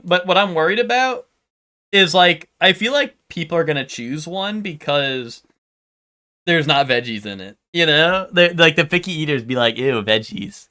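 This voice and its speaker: A man's voice: fairly high pitch, sharp tone. A man streaming live, chatting casually with his chat and stumbling over unfamiliar food names. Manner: chatty, hesitant, stumbles over foreign words.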